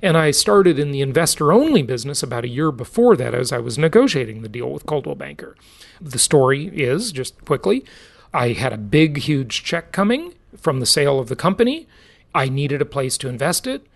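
A man's voice: mid-range voice, sing-song, moderate pace, creaky. A middle-aged man hosting a podcast, talking in a casual, emphatic and salesy way. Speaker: podcast host.

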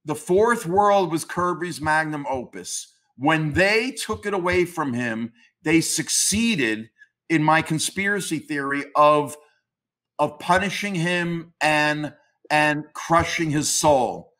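Emphatic, ranting man with a higher voice. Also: animated, slow, a bit bright. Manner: emphatic, ranting, swears casually. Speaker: comics historian guest. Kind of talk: opinionated interview talk.

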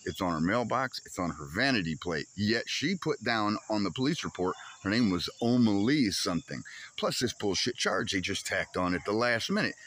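A man's voice: lowish voice, normal speed, slight background noise. A man casually telling a frustrated story on his homestead vlog, swearing freely and acting out back-and-forth exchanges. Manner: animated, swears freely, acts out quoted exchanges. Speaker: homesteading vlogger.

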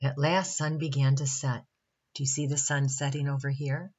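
A woman's voice: extremely low pitch, level tone, normal speed, darkish tone, husky, dull audio. A woman reading a picture book aloud to children at a Bible camp, stopping often to ask the listener questions. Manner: chatty asides asking the listener questions.

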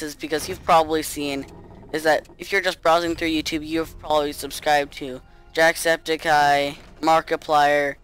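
Dry monotone man, higher voice. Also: clear, resonant tone. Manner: monotone, dry sarcastic delivery. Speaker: gaming YouTuber. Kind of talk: casual gameplay commentary.

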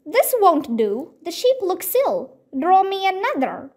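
A woman's voice: very high-pitched, big pitch swings, measured pace, a little mellow, voice pushed up, exaggerated voice. A woman reading a children's audiobook aloud and voicing a tiny boy prince from another world who is earnest, insistent and politely pleading.

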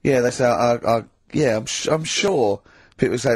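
Dry-sounding radio host, teasing. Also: male voice, medium pitch, normal speed, breathy edge, no room sound. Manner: opinionated, teasing banter. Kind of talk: casual radio chat. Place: radio studio.

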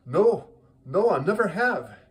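A meek, grateful Irishman answering softly and earnestly, as the teller puts him on in a joke. His voice stays in an ordinary middle register. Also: medium pitch, fairly even intonation, moderate pace, lightly acted. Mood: eager. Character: grateful, innocent man on a beach.

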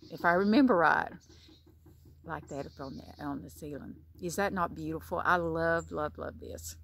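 An older woman, talking in a slightly low voice. She gushes and calls everything gorgeous and beautiful as she shows her gifts to viewers in a casual vlog. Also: fairly bright tone. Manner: gushing, effusive, repeats "gorgeous" and "beautiful". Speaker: crochet vlogger. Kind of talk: casual show-and-tell vlog.

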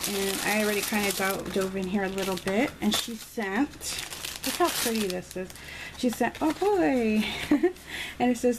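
A woman's voice: medium pitch, normal speed. A woman vlogger chatting casually as she shows off a nail-art haul, gushing and thinking aloud. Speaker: beauty vlogger. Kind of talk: casual unboxing chat. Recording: noisy home recording.

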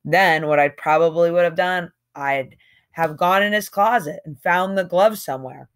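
A woman's voice: on the low side, normal speed, clear, resonant tone. A woman reading a novel aloud in a conversational, slangy first-person voice with emphatic swings. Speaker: audiobook reader.

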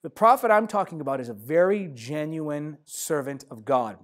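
Emphatic man preaching, fairly high voice. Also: moderate pace. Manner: emphatic, lively preaching with sudden loud stresses. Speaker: pastor. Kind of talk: sermon teaching.

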